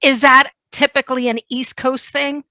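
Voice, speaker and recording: A woman's voice: sits high, little pitch movement, sharp tone, dry recording. A woman podcast host with a New York accent, chatty and playful, asking questions in a casual interview. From New York / New Jersey area. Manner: fast-talking, chatty, playful.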